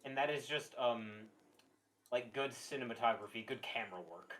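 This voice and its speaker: Regular dude co-host, mid voice, lots of like and you know, swears a bit. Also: male voice, medium pitch, normal speed, a bit bright. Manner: earnest, swears, many fillers. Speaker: podcast co-host. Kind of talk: casual chat.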